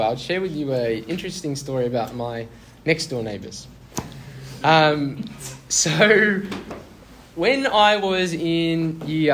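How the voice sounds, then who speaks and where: A man's voice: a little high, a bit bright, slight background noise. A young man telling a personal story in a casual sermon, chatty and self-deprecating. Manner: chatty, self-deprecating, laughs through awkward moments.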